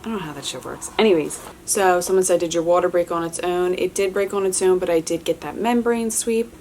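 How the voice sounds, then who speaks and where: Low-voiced young woman rambling casually to camera, lots of likes and ums, a bit of hiss behind her. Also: fairly quick, darkish tone. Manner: chatty, many fillers and restarts, candid. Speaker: vlogger answering viewer questions. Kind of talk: casual chat.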